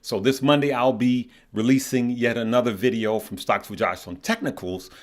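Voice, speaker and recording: A man's voice: medium pitch, steady tone, moderate pace. Chatty male stock show host. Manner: loose and conversational, repeats words, lots of "right?" and "okay?". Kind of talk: casual live-stream chat reading viewer comments.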